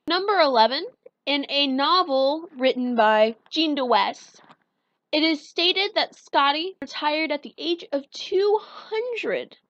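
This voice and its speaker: Chatty young woman, slightly high voice. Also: fairly bright tone, no room sound, dull audio. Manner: chatty and enthusiastic, with fillers and self-corrections. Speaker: vlogger. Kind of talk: casual countdown vlog.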